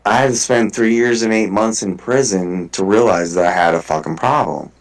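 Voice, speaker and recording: Low-voiced man telling a rambling story. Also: normal speed, low-quality recording. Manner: rambling storytelling, heavy swearing, restarts. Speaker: guest. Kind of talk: casual podcast conversation.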